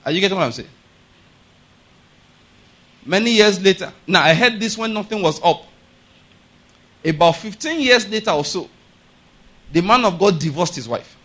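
A male pastor preaching a sermon, emphatic and repeatedly asking the congregation if they follow him, building to loud, forceful declarations. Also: high-pitched, animated, normal speed, long pauses.

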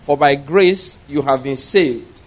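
A man's voice: fairly high pitch, takes it slowly. A man preaching a sermon as pastor. He reads scripture aloud, explains it line by line, and has the congregation repeat words back. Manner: leads the congregation in call-and-response; asks "all right?" as a check-in.

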